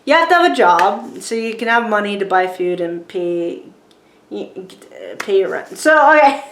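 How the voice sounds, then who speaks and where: A woman's voice: on the high side, roomy sound. A woman in her forties from rural Virginia with a light Southern accent, chatting casually to camera in a rambling, filler-heavy way as she reviews a book. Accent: Southern American. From rural Virginia, USA. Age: 40s. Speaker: YouTuber.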